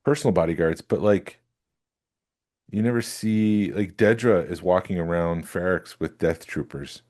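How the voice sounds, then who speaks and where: Low-voiced rambling podcast host, a man. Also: measured pace, a little mellow. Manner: rambling, hedging with "like" and "uh". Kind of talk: casual chat. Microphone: studio microphone that pops.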